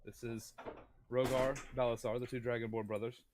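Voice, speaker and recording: A man's voice: medium pitch, little pitch movement, moderate pace, noisy background. A man playing a tabletop game, playful and eager. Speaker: player. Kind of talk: casual tabletop play.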